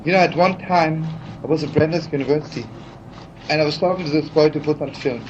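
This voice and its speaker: A man's voice: a little high, fast. A man telling stories in a heartfelt, chatty sermon, full of "you know" asides. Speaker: rabbi teaching. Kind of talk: storytelling sermon. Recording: dull archival recording with faint hiss.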